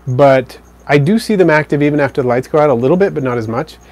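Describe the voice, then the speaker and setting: A man hosting a live stream, casually answering viewer comments in a relaxed, rambling way. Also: on the high side, fast talker. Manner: relaxed, rambling, with fillers and self-corrections.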